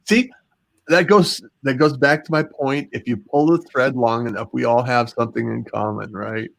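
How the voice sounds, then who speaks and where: A man's voice: mid-range voice, measured pace, creaky, poor audio. A man hosting an interview show in casual chat, upbeat and encouraging with his guest. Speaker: host.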